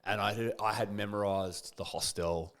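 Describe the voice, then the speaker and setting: This is a man with a deep, low voice, chatting on a podcast. He tells a story in a loose, rambling way, with many "like" fillers. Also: fairly even intonation, normal speed, a crowd in the background. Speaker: podcast guest. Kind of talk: casual chat, telling a story.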